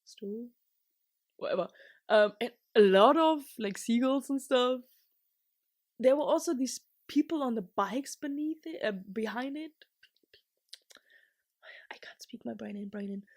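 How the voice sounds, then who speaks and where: Young woman, vlogger, excitable, rambling, laughs a lot, whispers and shouts, slightly high voice, dry sound. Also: measured pace, long pauses, no room sound. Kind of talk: casual chatty recap.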